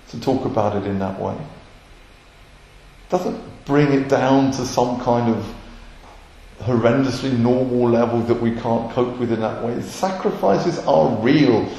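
A man's voice: medium pitch, creaky, darkish tone. A man, a messianic rabbi, preaching an earnest sermon and acting out short quotes. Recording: roomy echoey hall.

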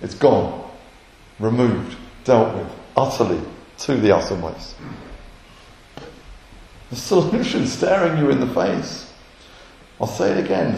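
A man's voice: medium pitch, creaky, a little mellow. A man, a messianic rabbi, preaching an earnest sermon and acting out short quotes. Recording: roomy echoey hall.

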